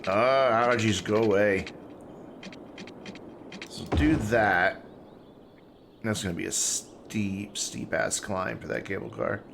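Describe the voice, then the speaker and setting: A man's voice: on the low side, takes it slowly, gravelly, long pauses, noisy background. A man giving casual, chatty live-stream commentary while playing a game, talking to himself and to his chat. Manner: talking with mouth full.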